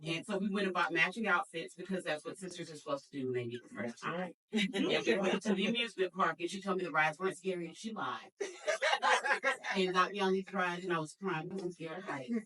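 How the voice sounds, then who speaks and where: A woman from Dallas, Texas, giving a personal eulogy and telling a story about her family, her voice jumping high whenever she acts out what people said. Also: distant mic, low-quality recording. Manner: animated storytelling, jumps high to act out quoted speech. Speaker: eulogy speaker. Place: memorial service hall.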